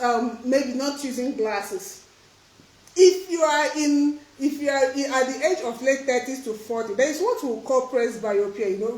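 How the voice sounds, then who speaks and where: A woman's voice: high voice, a little mellow. A woman eye doctor answering questions in a live stream, earnest and emphatic, often breaking into laughter. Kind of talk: live stream Q&A, casual advice. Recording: roomy echo.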